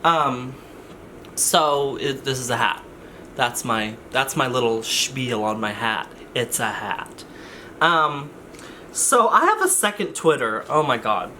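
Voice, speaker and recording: A man's voice: mid-range voice, lively intonation, takes it slowly, sharp tone, slight background noise. A man vlogging in a casual, rambling way, often interrupting himself with jokey asides. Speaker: YouTuber. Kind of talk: casual vlog chat.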